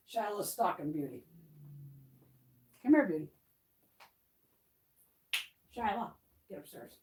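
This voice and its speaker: A woman's voice: medium pitch, lively intonation, takes it slowly, pauses often, dark tone, a little hiss or hum. A middle-aged woman chatting casually on a live stream from home, swearing freely and cooing at her cats. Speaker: beauty vlogger.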